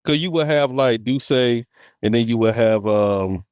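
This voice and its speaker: A man's voice: medium pitch, unhurried, darkish tone, clear, resonant tone, dry recording, studio quality. A man hosting a casual podcast, telling stories in loose slang and laughing often. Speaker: podcast host. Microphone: studio podcast mic.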